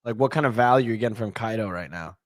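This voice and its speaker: A man's voice: lowish voice, racing, no echo, clean studio sound. Brash sarcastic man, crypto podcast host. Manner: brash, sarcastic, swears casually. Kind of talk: casual crypto news podcast.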